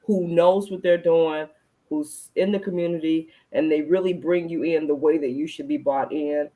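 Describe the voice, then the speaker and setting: A woman hosting a casual adult chat, telling stories in an animated way, acting out her own reactions and swearing freely. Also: low voice, moderate pace, narrow, tinny audio. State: recalls being pregnant at the time, not now. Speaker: podcast host.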